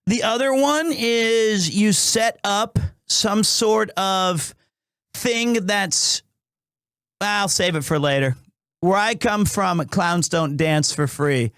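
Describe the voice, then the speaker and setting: A man's voice: high voice, takes it slowly, fairly bright tone, smooth, no room sound, studio quality. A man streaming live, chatting casually and jokingly with his viewers, rambling along with frequent restarts and self-corrections. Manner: joking and playful with chat.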